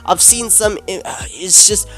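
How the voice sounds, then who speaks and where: A man's voice: high voice, a little slow, sharp tone, soft background music. A young man giving an angry, exasperated, swearing commentary rant. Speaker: commentary YouTuber. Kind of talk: ranting video commentary.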